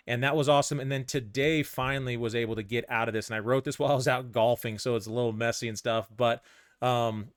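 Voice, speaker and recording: A young man explains his week's trades in a relaxed, conversational way, walking viewers through a chart. His voice sits at an ordinary mid pitch for a man, and his delivery is easygoing rather than formal. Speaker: options trader and vlogger. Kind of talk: casual trade recap to camera.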